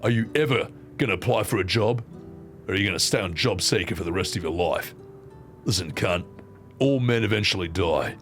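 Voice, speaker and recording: A man's voice: sits low, a little fast, a bit bright, soft background music, pitched below the performer's own voice. A man with an Australian accent voicing a brash young warrior princess, blunt and crude. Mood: scolding.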